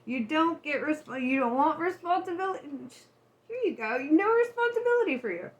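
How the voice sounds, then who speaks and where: A woman's voice: sits high, expressive, moderate pace, voice pushed up. A woman voicing the universe, sassy and mocking.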